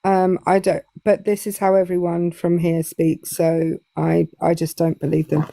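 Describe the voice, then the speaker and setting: Chatty English woman, mellow and dry. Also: on the low side, flat delivery, unhurried, vocal fry, no room sound. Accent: English, southern Midlands. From England. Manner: chatty, hesitant with many fillers. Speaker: guest. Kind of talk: casual chat on a live stream.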